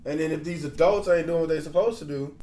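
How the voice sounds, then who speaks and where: A man's voice: a little high, fast talker, dark tone. Guy cussing and rambling in a loose chat, faint hiss behind, echoey room. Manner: blunt, profane, rambling with restarts. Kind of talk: casual chat. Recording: roomy echo, faint background noise.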